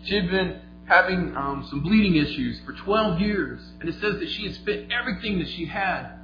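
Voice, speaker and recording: A man preaching a sermon, retelling a story vividly, moving between quiet and emphatic delivery. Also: high voice, animated, normal speed, background noise. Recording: echoey, slightly dull, faint music.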